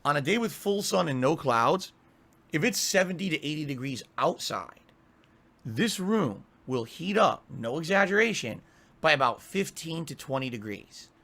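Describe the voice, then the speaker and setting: A man talks straight into his desk mic in a home office, complaining and swearing. His voice sits a touch high and comes across bright and sharp, and his exasperation keeps the delivery lively. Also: normal speed. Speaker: streamer. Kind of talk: ranting stream monologue.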